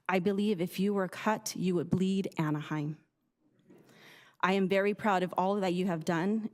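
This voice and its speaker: A woman's voice: fairly low pitch, a little mellow. A woman serving as city clerk at a council meeting, formally reading a statement into the record with some hesitations.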